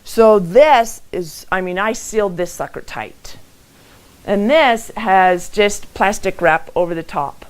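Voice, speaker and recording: A middle-aged woman giving a motivational talk from her own home and telling stories with lively acted quotes. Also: mid-range voice, slow, clean tone, rough recording. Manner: animated storytelling with acted quotes. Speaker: motivational speaker hosting a live event. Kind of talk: live-streamed motivational talk.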